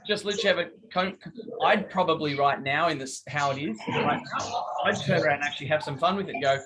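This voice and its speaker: A man's voice: on the high side, quick pace, noisy background. A middle-aged man, coaching a group over a video call in a chatty, joking way and acting out phone calls. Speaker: business coach.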